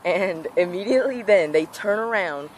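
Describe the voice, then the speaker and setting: A woman's voice: medium pitch, moderate pace, slight background noise. A teenage girl telling a storytime rant in a casual vlog, acting out what people said. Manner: animated, acts out quoted voices. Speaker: vlogger.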